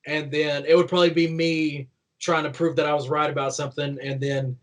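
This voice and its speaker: This guest, a young professional wrestler from Kentucky, has a fairly high voice with little pitch movement and a light country twang. He talks fairly quickly in a casual interview, rambling chattily with lots of "like" and laughing through his stories. The recording sounds rough.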